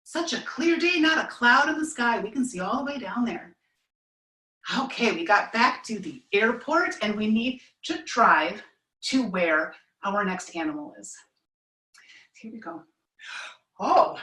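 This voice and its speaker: A woman runs a children's online class, animated and encouraging as she narrates each imagined trip. Her voice is a little high and very lively, and it has a bright, sharp tone. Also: rough recording. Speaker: camp instructor.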